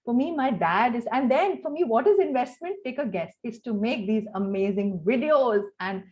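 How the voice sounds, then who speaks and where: A woman's voice: on the high side, normal speed, dull audio. Emotional Indian woman telling stories. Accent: Indian English. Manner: emotional, animated, warm storytelling with many fillers. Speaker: host. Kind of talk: casual heartfelt chat.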